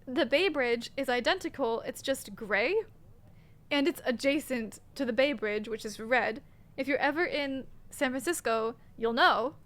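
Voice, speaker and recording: A woman's voice: high voice, fairly bright tone. A woman streaming a game, chatting casually and playfully and joking with her viewers. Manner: playful, joking, quick to laugh.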